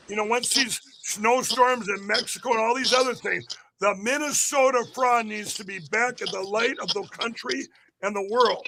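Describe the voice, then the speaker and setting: A political candidate giving an emphatic, repetitive rally-style interview on a podcast. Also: male voice, extremely high pitch, fairly even intonation, normal speed, vocal fry, sharp tone, slight background noise.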